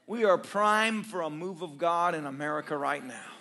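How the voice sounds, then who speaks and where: A male pastor preaching a sermon to his church, calling for responses and rising to shouts, with joking asides. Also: a little high, normal speed. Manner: call-and-response with congregation.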